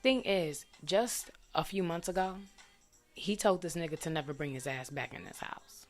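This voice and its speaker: Blunt, low-voiced woman venting a story. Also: normal speed, faint music behind. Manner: blunt, profane, frustrated storytelling; vents with indignant rhetorical questions. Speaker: vlogger. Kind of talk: casual storytime monologue.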